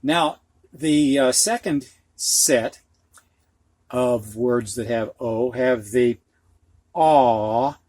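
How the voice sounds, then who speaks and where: A man's voice: medium pitch, fairly even intonation, drawn-out words, pauses often, no echo. A middle-aged man with a Midwestern accent teaching a phonics lesson, patient and repeating each word twice. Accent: Midwestern US (Ohio, Michigan). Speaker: reading teacher.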